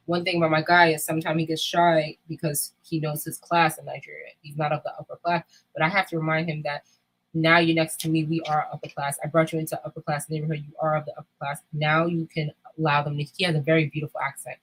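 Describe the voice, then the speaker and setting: A woman with a low, husky voice talks in a candid, casual chat. She is blunt and emphatic, and she swears freely as she makes her points. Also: little pitch movement, fast talker, fairly bright tone, low-quality recording. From United States.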